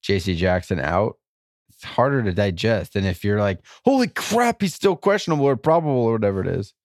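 Low-pitched male co-host, emphatic and confident, dry close mic. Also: very animated, brisk, no echo. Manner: confident, emphatic, talks in long runs. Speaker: podcast co-host. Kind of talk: casual fan podcast chat.

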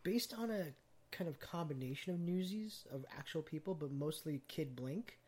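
A man's voice: on the high side, animated, normal speed, a little mellow, slight background noise. A man hosting a podcast, chatting casually about a film and piling on cast trivia with plenty of ums. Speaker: podcast host. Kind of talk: casual movie chat.

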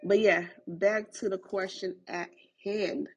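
A woman's voice: medium pitch, steady tone, slow, slightly rough. A woman hosting a podcast, talking casually and speaking straight to her listeners. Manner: chatty, addresses listeners directly. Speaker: podcast host.

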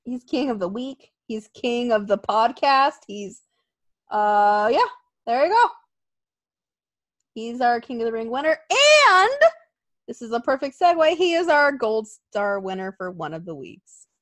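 Woman podcast co-host, higher voice, lively pitch, slow delivery, dry close sound. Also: dry recording. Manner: animated, laughing often, acting out quotes. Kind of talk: casual wrestling podcast chat.

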